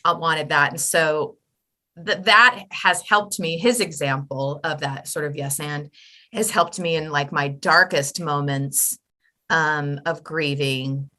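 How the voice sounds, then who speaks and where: A middle-aged woman, a widowed mother, speaking candidly in an interview, an expressive storyteller who moves between animated and quiet moments. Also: deep voice, takes it slowly. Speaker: podcast guest, widowed mother.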